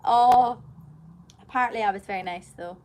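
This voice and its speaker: A woman's voice: fairly high pitch, moderate pace, a little mellow. A young woman chatting casually on a livestream, telling stories in a chatty, giggly way. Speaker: singer and livestream host.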